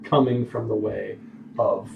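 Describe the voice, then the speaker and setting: A man's voice: lowish voice, level tone, a little slow, creaky, phone-quality sound, noisy background. A man running a tabletop game as dungeon master, describing scenes at an easy pace and calling for dice checks. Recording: roomy sound from a distant mic.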